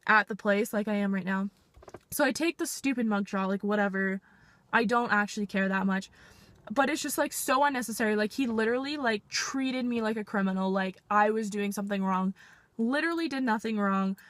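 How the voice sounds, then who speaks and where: A woman's voice: mid-range voice, a little fast, fairly bright tone, dry recording. A 19-year-old woman from Canada ranting in an exasperated storytime vlog, swearing and saying "like" constantly. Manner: exasperated, swearing, heavy use of "like". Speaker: vlogger. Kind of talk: storytime rant.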